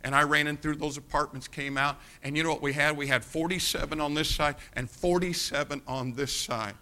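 A preacher from the United States tells a lively story in a sermon. His voice sits a little high and has a very bright, sharp edge. He keeps turning to address the congregation directly. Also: brisk.

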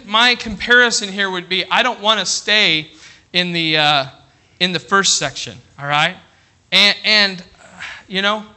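A man preaching a sermon to his congregation, often asking whether they are ready and reading scripture aloud more slowly and quietly. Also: sits high. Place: church congregation.

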